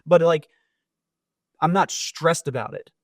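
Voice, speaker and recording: A man co-hosting a faith chat show, with a voice on the higher side and a close, dry sound. He rambles and restarts his sentences often, with a preacher's way of telling a story. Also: measured pace, dry recording. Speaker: podcast co-host, preacher. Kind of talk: casual chat.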